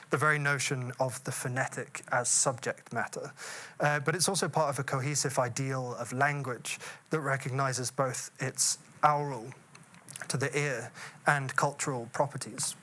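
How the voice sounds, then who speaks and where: A man delivers a literary lecture in a clear, bright tone. He talks in a measured, reflective way, dotted with "uh" fillers. He lingers slowly over the words he quotes. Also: mid-range voice. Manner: measured and thoughtful, with frequent "uh" fillers; slows down to savour quoted words. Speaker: poet giving a memorial lecture. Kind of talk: academic lecture with poetry reading.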